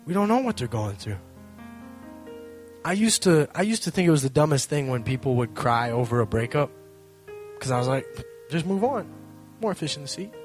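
Animated young man telling a story. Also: mid-range voice, normal speed, long pauses, soft background music. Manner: lively, acts out both sides of the story; casual, self-mocking humor. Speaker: speaker addressing a live audience.

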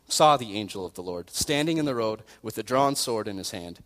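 A man's voice: fairly low pitch, lively intonation, a little fast, fairly bright tone. A young male youth pastor preaching a sermon by retelling a story in a casual, self-deprecating way. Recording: long reverb in a hall.

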